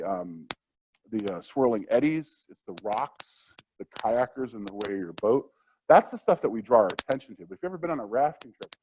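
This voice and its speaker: A man's voice: mid-range voice, poor audio. Chatty guy teaching a workshop, voice bouncing up and down, hiss under it all. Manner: conversational, acts out quotes. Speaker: workshop presenter. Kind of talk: lecture. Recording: steady background noise.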